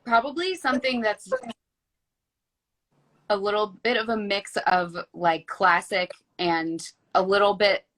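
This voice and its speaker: A woman's voice: medium pitch, unhurried, a bit bright. A woman from the United States, a guest in a casual chat, chatty and leaning on "like" a lot. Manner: chatty, leans heavily on "like".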